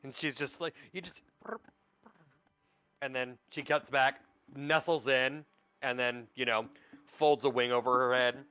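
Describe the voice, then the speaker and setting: A man's voice: medium pitch, steady tone, measured pace, sharp tone, smooth, no echo. A man narrating a tabletop role-playing game as game master, rambling and full of fillers. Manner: rambling, filler-heavy, lots of "like".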